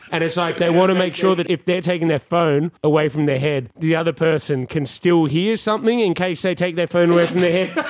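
Animated storytelling podcast co-host man. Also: high voice, slight background noise. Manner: animated storyteller, imitates voices. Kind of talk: casual comedy storytelling.

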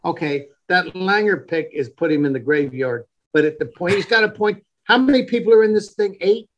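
A man in middle age hosts a loose, joking conversation, and his voice sits high. He keeps teasing the others and restarts his thoughts halfway through. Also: a little fast, a little hiss or hum. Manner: teasing, restarts mid-sentence. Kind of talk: joking casual chat.

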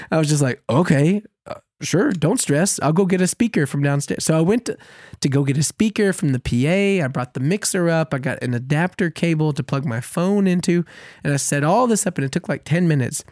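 A man co-hosting a podcast, telling a long story in a casual, animated way, laughing at himself often. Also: on the high side, brisk, no echo, clean studio sound. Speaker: podcast co-host.

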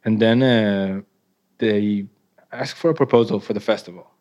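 Laughing low-voiced man, halting English. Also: darkish tone. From Israel. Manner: halting, laughs often, non-native English phrasing. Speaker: interviewed artist. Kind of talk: casual onstage conversation.

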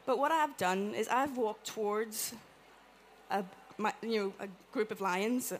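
A woman with an Irish accent giving a chatty, animated talk to a live audience, acting out little quotes as she goes. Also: mid-range voice, a little slow, a little hiss or hum. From Ireland. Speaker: conference speaker. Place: event room with an audience.

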